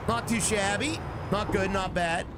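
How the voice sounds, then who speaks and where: A man's voice: high voice, unhurried, over loud music. A man streaming a truck driving game, chatting casually with his chat, joking and singing snatches of songs. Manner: animated, joking, breaks into silly snatches of song. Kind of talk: casual gameplay commentary to chat.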